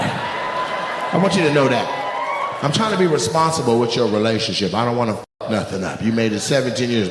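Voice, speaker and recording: A man doing crowd work stand-up, teasing audience members with loud, profane banter. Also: mid-range voice. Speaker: stand-up comedian. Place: comedy club stage before a live audience. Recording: roomy club with long reverb and audience noise. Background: audience laughter and clapping.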